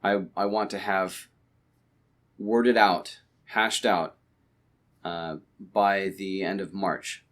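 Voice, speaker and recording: A man with a fairly low voice talks through his plans in a relaxed podcast chat at home late at night. He rambles and restarts sentences often, with plenty of fillers. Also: takes it slowly, long pauses. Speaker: podcast co-host. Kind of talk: casual chat.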